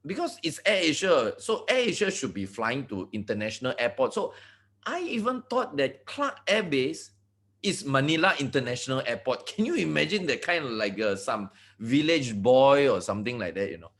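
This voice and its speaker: A middle-aged man from Malaysia with a Malaysian accent, giving an animated motivational talk full of stories and "you know" asides over a video call. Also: mid-range voice, normal speed. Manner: animated storytelling, frequent restarts and "you know". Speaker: guest speaker.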